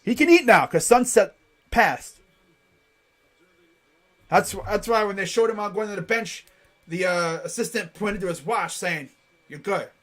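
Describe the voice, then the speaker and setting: A man with a high voice commentates a basketball game live for his stream. His excited quick calls alternate with loose, joking tangents. The delivery is casual and unscripted. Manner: jokey, rambling asides between excited calls. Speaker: live reaction play-by-play streamer.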